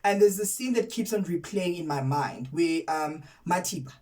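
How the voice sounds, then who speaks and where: A woman's voice: lowish voice, lively intonation, normal speed, a little mellow, distant mic, low-quality recording. A woman from South Africa giving a casual, emphatic spoken review of a TV series, often repeating words for effect. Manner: outraged and candid. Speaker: TV series reviewer, content creator.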